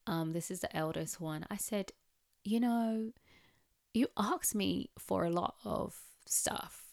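A woman's voice: on the low side, a little slow, creaky. A woman reflecting on raising her nieces in candid personal chat, with plenty of "like" and "um". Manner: candid, chatty, with frequent "like" and "um".

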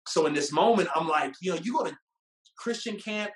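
Man, casual storyteller, animated, acts out quotes, high voice, roomy echo. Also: brisk. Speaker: guest telling his love story.

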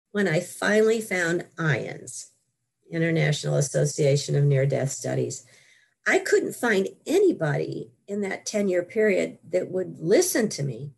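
An older woman, a guest author, telling her story in an interview with lively asides and frequent laughs. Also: fairly low pitch, creaky, slightly rough. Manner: animated storytelling, laughs often.

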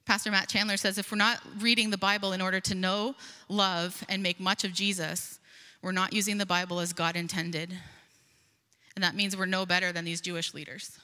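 A woman's voice: mid-range voice, level tone, normal speed, sharp tone, clear, resonant tone. A woman preaching a sermon, earnest and emphatic, reading scripture aloud and explaining it. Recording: long hall reverb.

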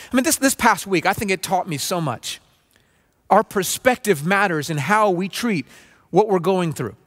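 High-voiced preaching man in reverb. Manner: earnest, preacherly, acts out grumbling voices. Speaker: pastor. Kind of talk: sermon. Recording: long reverb of a large room.

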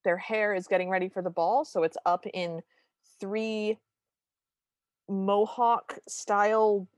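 A woman's voice: medium pitch, fairly even intonation, slow, no echo. A woman co-hosting a podcast, chatting in a wry, detailed way about an old cartoon. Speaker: podcast co-host. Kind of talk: casual chat reviewing a cartoon.

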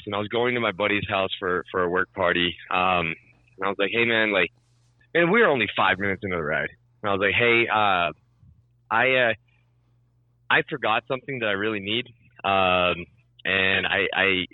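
A man's voice: low-pitched, fairly quick, no room sound, narrow, tinny audio. A young man telling a story in casual chat, swearing freely and acting out both sides of the conversation. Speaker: storyteller on a podcast.

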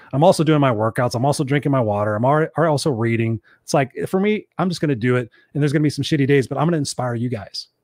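A man's voice: fairly high pitch, a little mellow, no echo, studio quality. A man giving a blunt, profane motivational monologue, hammering his points home with rhetorical questions. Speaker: motivational speaker.

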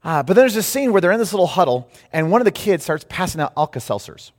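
A man preaching a sermon, telling a story with lively acted-out quotes. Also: high-pitched, quick pace, long reverb tail. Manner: animated storytelling, acts out quotes. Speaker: pastor.

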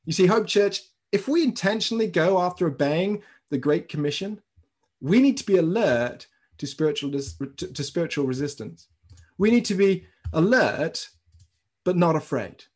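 Husky-voiced pastor preaching a sermon. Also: male voice, sits high, normal speed. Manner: storytelling, animated, talks directly to the congregation. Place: church service streamed online.

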